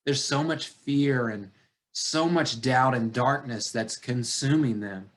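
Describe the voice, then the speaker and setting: A man preaching a sermon as pastor, deliberate and searching, addressing the congregation with repeated rhetorical questions. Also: mid-range voice.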